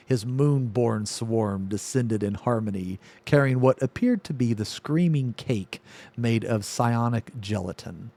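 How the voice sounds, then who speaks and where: A man's voice: lowish voice, vocal fry, a little mellow. A male streamer reading a silly story aloud, stopping to laugh and comment. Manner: reads haltingly, breaks off to laugh and comment.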